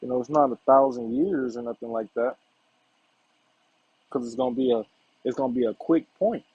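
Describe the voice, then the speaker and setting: A man's voice: medium pitch, moderate pace, slight background noise. A man giving a casual Bible lesson in a conversational way, often checking in with "right?" and "all right". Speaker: Bible teacher. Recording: dull lo-fi recording.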